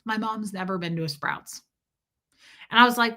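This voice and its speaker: A woman's voice: fairly high pitch, lively intonation, brisk, bright, forceful tone. A woman hosting a casual livestream, rambling through a story and greeting viewers by name mid-sentence. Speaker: livestream host.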